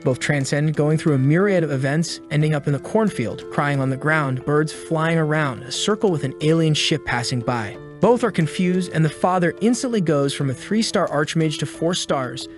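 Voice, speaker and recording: A man narrating a story recap from a script, telling it in a brisk, plain way. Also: fairly high pitch. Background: faint music.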